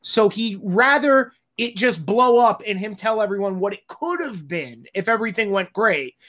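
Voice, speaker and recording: A man's voice: high voice, expressive, normal speed, fairly bright tone. A man, a film director, talking candidly in an interview, blunt and exasperated, swearing freely and acting out the conversations he recounts. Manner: acts out quoted exchanges.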